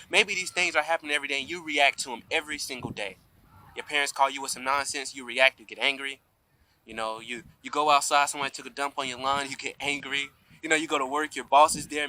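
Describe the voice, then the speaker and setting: A man's voice: medium pitch, sharp tone, rough recording. A man giving an emphatic spiritual talk to a camera outdoors, often asking "you see?". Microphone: camera mic.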